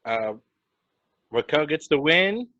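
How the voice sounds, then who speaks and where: A man's voice: fairly high pitch, sing-song, slow pace, pushed and bright, no echo. Laid-back man recapping matches, lo-fi. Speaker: podcast co-host. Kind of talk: casual wrestling review chat. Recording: slightly dull lo-fi sound.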